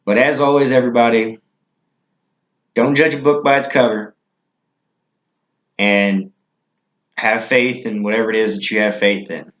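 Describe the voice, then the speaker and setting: A man's voice: mid-range voice, fairly even intonation, measured pace, pauses often, a bit bright, roomy sound, muffled recording. A man telling stories in a casual, rambling way with many fillers. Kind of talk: casual storytelling.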